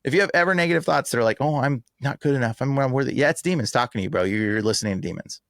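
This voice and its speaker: A man talking in a casual podcast interview, emphatic and animated, full of slang like "bro" and "like". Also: medium pitch, rapid-fire, gravelly, dry recording, clean studio sound. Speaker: exorcist guest.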